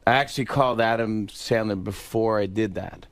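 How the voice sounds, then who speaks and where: A man who is a comedian guest, telling animated stories in casual interview chat. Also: on the low side, normal speed, dry recording. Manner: animated storyteller, slips into loud impressions.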